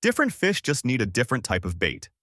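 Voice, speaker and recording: A man's voice: medium pitch, huge pitch swings, fast talker, a bit bright, no room sound, clean studio sound. A male narrator voicing a bossy, scheming young woman adventurer, with a raised, exclamatory delivery.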